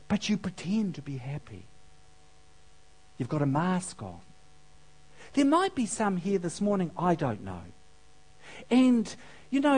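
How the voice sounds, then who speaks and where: A man's voice: a little high, darkish tone, slightly rough. A man preaching a sermon, telling a funny parable and asking the congregation questions. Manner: storytelling, asks the audience questions, laughs at own jokes.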